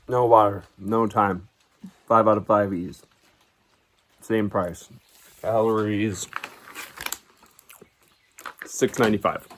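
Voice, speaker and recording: A man's voice: lowish voice, fairly even intonation, slow, long pauses, fairly bright tone. A man chatting casually to the camera on a long hike, tired and wry, outdoors on a forest trail. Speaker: hiking vlogger.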